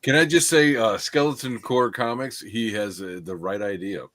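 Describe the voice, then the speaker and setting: A man co-hosting a casual livestream, laid-back and quick to laugh, mostly answering with short agreeing replies. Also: lowish voice, a bit bright, no echo. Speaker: co-host. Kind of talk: casual chat.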